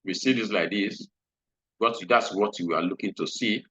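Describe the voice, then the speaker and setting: A man's voice: lowish voice, normal speed, bright, forceful tone, slightly rough, dry recording. A man giving a screen-share trading lesson, repeating his points and often checking in with "hmm?". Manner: repetitive, checks in with frequent "hmm?". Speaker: trading instructor. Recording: dull lo-fi recording.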